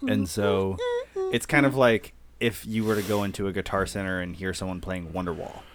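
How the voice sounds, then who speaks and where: A man's voice: sits low, fairly even intonation, normal speed, noisy background. A man co-hosting a podcast in casual chat, laid-back and rambling. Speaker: podcast co-host.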